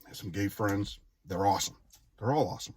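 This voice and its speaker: A man's voice: on the low side, fast talker, husky. A man in his forties telling a personal story casually, rambling off on tangents and interrupting himself with wry asides. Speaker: vlogger.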